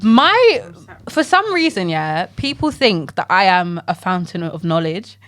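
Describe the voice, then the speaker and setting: A woman's voice: fairly low pitch, big pitch swings, unhurried, fairly bright tone. Young British woman, playful joking podcast co-host. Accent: British English. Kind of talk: casual chat.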